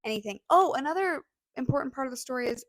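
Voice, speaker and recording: A young woman with a fairly high voice tells a story on a podcast, gushing and emotional, with lots of fillers. She sounds close to tears. The recording is close and dry. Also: lively intonation, fast, no echo. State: near tears. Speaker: podcast co-host. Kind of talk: casual storytelling chat.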